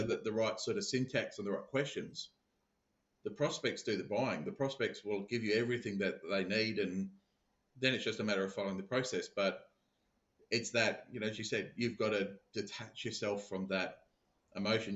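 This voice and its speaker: A sales business founder appears as a podcast guest, telling stories in casual conversation and repeating words as he restarts. His voice sits on the low side and is a bit bright, heard through a dull, roomy remote recording.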